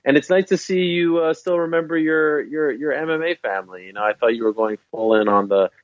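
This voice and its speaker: A man's voice: a little high, a little fast, no room sound, lo-fi sound. A man guesting on a podcast, chatting casually and emphatically about his own show. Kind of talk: casual interview chat.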